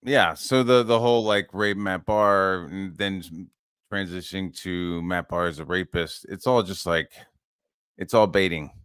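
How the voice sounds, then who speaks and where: A man with a fairly low voice hosts a casual podcast conversation. He rambles, swears freely and sounds frustrated. The recording is dry and close. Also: a little slow, a bit bright, clean tone, dry recording. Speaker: channel host.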